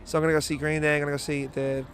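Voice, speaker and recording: Fast-talking Irish man, buzzing after a gig. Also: fairly high pitch, little pitch movement, fairly bright tone. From Ireland. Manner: cheeky, swears casually, laughs often. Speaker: musician guest. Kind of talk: casual interview chat. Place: outdoors at a festival.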